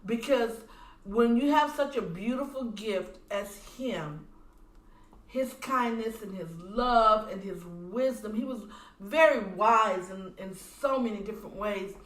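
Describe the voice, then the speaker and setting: A woman tells a personal story on a podcast in an earnest, animated way and talks about her faith. Her voice sits at a middle pitch for a woman. The sound comes from a distant mic and carries a roomy echo. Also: measured pace. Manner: animated, acts out voices in quoted dialogue. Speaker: podcast guest, widow.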